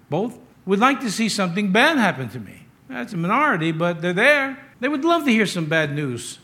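A man's voice: on the high side, fairly bright tone. A man preaching a sermon as a pastor, mixing scripture with humorous personal stories and repeated emphasis. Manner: storytelling with humor, repetitive emphasis.

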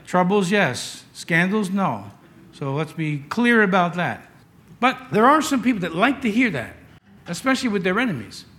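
A man delivers a sermon from the pulpit, his voice sitting notably high for a man. He builds his points through repetition and lightens them with humorous personal anecdotes. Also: very animated, normal speed, fairly bright tone. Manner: storytelling with humor, repetitive emphasis. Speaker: pastor.

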